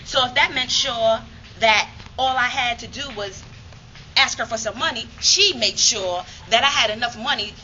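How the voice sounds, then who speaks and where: Bright-voiced woman performing a monologue. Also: fairly high pitch, normal speed, lo-fi sound, a little hiss or hum. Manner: rhythmic, emphatic, streetwise storytelling. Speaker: spoken word performer. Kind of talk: dramatic spoken monologue.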